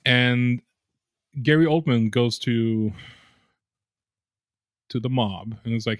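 A man co-hosting a movie review podcast in casual chat, wry and animated, often stammering on his words. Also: medium pitch, takes it slowly, long pauses, dry recording, studio quality. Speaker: podcast co-host.

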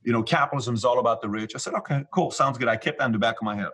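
A man's voice: medium pitch, rapid-fire, a bit bright, slightly rough. A man from Iran, a guest in an interview, telling stories and acting out both sides of past conversations. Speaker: guest, business leader. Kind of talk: storytelling in an interview.

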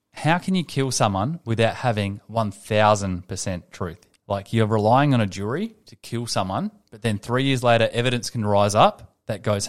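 A South Australian man co-hosting a podcast in casual chat, relaxed and sweary, steering the conversation. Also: on the low side. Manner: laid-back, sweary, steers topics. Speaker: podcast co-host.

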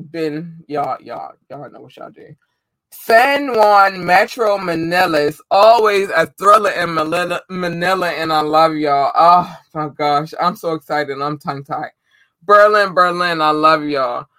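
An excitable man speaks in a high, bright voice, full of warm, gushing energy. He talks slowly and often trips over unfamiliar names. The sound is close and dry, with no room around it. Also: dry recording, poor audio. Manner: excited, effusive, stumbles over place names. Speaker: host shouting out listeners. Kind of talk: casual chat.

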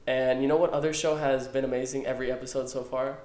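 A young man co-hosting a podcast, chatting casually and excitedly, swearing and saying "bro" constantly. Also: mid-range voice, fast. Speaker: podcast co-host. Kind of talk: casual chat. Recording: echoey room.

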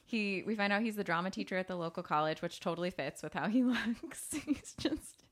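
A woman co-hosting a casual chat, retelling a film scene by scene with lively mock outrage and frequent laughter. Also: mid-range voice, a little fast. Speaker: podcast co-host.

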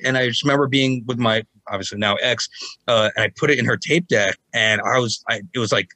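A man in his forties telling stories casually as a podcast guest, animated and raising his voice to act out quotes. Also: medium pitch, fairly quick, no echo, poor audio. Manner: animated, acts out quotes in raised voice. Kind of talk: casual storytelling.

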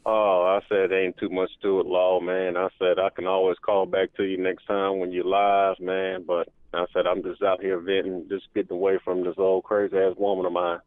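A man with a somewhat low voice calls in to a sports show and rambles through a story, cussing freely. The line is tinny and phone-like, and the sound is very dry. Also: level tone, moderate pace, few pauses, no room sound. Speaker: caller. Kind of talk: casual phone call-in chat.

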